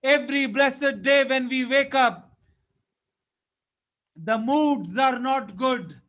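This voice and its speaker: Very high-voiced, slow, fervent male preacher. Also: a bit bright, rough recording. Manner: fervent, emphatic preaching in short repeated phrases. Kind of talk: sermon.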